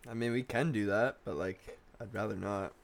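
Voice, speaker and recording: A man's voice: on the low side, moderate pace, slight background noise. A young man co-hosting a podcast in casual chat, rambling through his stories with plenty of "like" and swearing. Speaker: podcast co-host.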